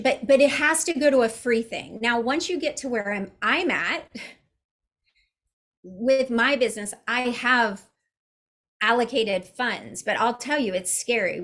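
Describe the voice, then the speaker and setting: A woman's voice: fairly high pitch, a bit bright. Candid, chatty woman coaching on a call. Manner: candid, chatty, blunt with mild swearing. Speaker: business coach. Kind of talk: casual group coaching call. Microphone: video call.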